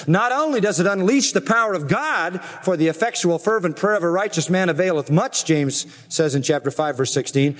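A man's voice: sits high, expressive, normal speed, few pauses, fairly bright tone, big-room sound. A man preaching an expository sermon in an earnest, emphatic way, with rhetorical questions. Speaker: pastor.

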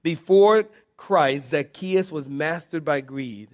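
A man's voice: on the high side, slow. A man preaching a sermon, telling stories with humor, restarting phrases and speaking straight to his congregation. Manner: animated storytelling with humor and repeated restarts; addresses the congregation directly. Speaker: pastor.

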